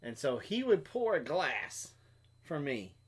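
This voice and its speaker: A man's voice: a little high, big pitch swings, slow pace, husky. Middle-aged guy cohosting a live stream, rambly storyteller, voice jumps up and down a lot. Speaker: co-host of a homestead live stream. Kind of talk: casual chat.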